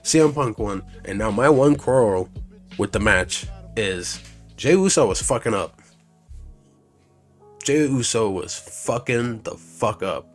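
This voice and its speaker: A man's voice: mid-range voice, animated, slow, faint music behind. A young man casually recapping wrestling shows, rambling, swearing, restarting sentences and acting out what others said.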